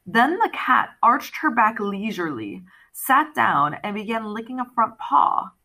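A woman narrating an audiobook in the first person, with lively, expressive storytelling. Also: on the high side, a little slow.

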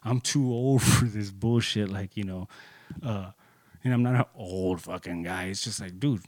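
A man in his thirties telling a personal story in casual, profane speech, getting heated and jumping into higher voices when he quotes people. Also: measured pace, darkish tone, no echo, clean studio sound.

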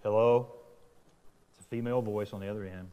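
A male preacher tells a personal story, poking fun at himself and acting out each voice in it. His voice sits a bit low, and a long reverb trails every phrase as it fills the sanctuary. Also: steady tone, very fast, muffled recording. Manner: self-deprecating storyteller, acting out dialogue. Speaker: pastor. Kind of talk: sermon storytelling.

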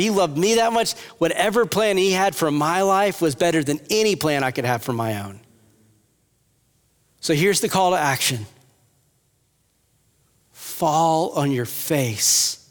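Impassioned male pastor in a reverberant hall. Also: a little high. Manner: earnest, rising to impassioned. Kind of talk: sermon. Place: church hall with audience.

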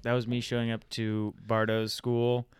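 A man's voice: medium pitch, monotone, moderate pace, clear, resonant tone, no echo. A young man from California in a casual chat, laid-back and filling his talk with "like". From Central or Southern California. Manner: laid-back, says "like" often. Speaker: conversation participant.

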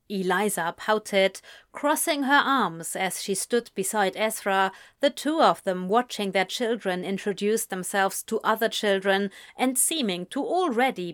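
A woman reading a story aloud as narrator, measured and unhurried. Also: mid-range voice, a bit bright.

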